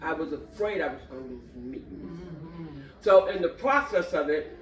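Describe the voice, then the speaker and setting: A woman's voice: low-pitched, expressive, moderate pace. An older woman in a candid group discussion who tells stories expressively and laughs often. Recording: roomy, distant mic.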